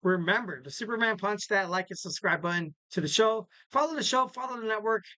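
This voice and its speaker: High bright-voiced joking podcast host man. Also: animated, a little fast, dry recording. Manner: rambling, joking, self-correcting. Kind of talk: casual podcast sign-off.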